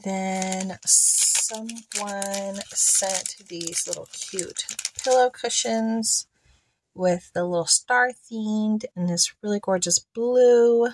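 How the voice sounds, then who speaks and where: Slow, chatty woman unboxing miniatures. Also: mid-range voice, slight background noise. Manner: chatty, admiring, asks viewers to look. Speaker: dollhouse miniature vlogger. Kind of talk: casual unboxing chat.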